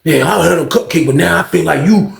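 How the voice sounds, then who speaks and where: Gruff suspicious male prison guard, low grumbling mutter, echoey room, put on by a storyteller. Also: a little fast. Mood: wary.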